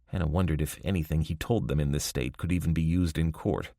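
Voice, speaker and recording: A man narrating a crime novel audiobook in a measured, scripted style. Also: extremely low pitch, warm tone, dry recording, studio quality.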